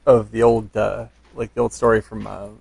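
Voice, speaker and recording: Husky, gravelly man, laughing storyteller. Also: lowish voice, flat delivery, moderate pace, darkish tone. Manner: laughs often, enthusiastic storyteller. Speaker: podcast co-host. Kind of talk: casual chat.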